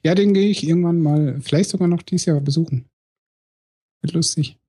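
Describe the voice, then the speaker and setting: A man co-hosting a podcast in relaxed, slangy casual chat. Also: a little high, fairly quick, breathy edge. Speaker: podcast co-host.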